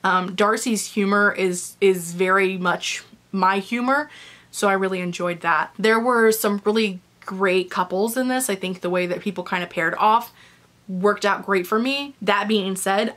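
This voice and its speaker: A woman's voice: mid-range voice, moderate pace, fairly bright tone. Young woman, casual book vlogger, candid and chatty, swears freely, mid-range voice. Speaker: book reviewer. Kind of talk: casual book review vlog.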